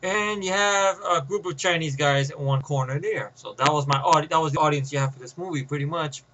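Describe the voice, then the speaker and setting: A man's voice: fairly high pitch, brisk, pushed and bright, slight background noise, rough recording. A profane, rambling male storyteller. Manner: profane, loose, acts out every voice. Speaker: movie reviewer. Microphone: camera microphone.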